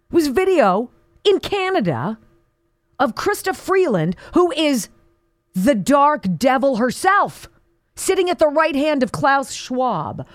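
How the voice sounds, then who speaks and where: A woman delivers a political talk radio monologue, her pitch swinging widely as she turns indignant and sarcastic. Her voice sits a little high, and the recording is close and dry, with no room sound. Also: no room sound. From Pennsylvania, US.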